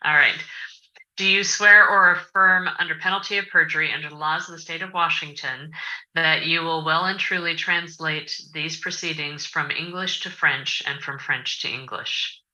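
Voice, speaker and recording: A woman serving as a judge, speaking formally and at a measured pace as she runs court proceedings. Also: low-pitched, steady tone, sharp tone, low-quality recording.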